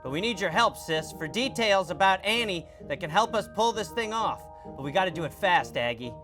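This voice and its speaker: Brash scheming male swindler, pushed-up pitch, hammy audition energy, man reading. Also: lively intonation, brisk, music in the background.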